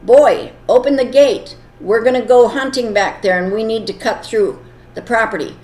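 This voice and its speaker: A woman's voice: fairly high pitch, moderate pace, a little mellow, natural voice. A woman voicing a pushy grown huntsman who talks in a raised, demanding voice, in an echoey room.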